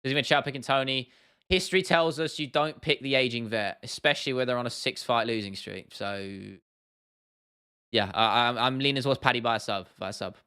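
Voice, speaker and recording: A man's voice: mid-range voice, a little fast, sharp tone, smooth. A young man with a southern English accent, hosting a casual livestream, chatty and laughing often as he answers viewer comments. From southern England. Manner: chatty, laughs often, repeats himself, addresses chat as bro and lad. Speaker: MMA livestream host.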